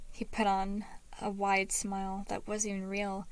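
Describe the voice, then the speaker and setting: A woman reading a fan fiction story aloud as narrator, in a plain, unhurried way. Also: medium pitch, monotone, gravelly, no echo. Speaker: fanfic reader.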